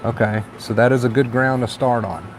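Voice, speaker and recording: A man hosting a casual live stream, chatting in a relaxed, encouraging way and reading viewer comments aloud. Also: mid-range voice, brisk, slight background noise. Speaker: livestream host.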